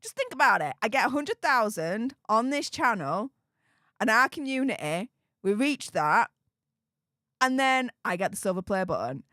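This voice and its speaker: A woman hosting a live stream, reading chat and effusively thanking viewers in a casual, animated way. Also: on the high side, normal speed, dry recording, clean studio sound.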